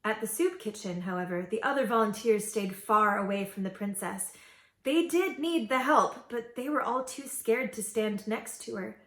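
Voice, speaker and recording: A woman reading an original fairy tale aloud to children, with gentle, expressive storytelling. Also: medium pitch, normal speed. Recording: echoey room.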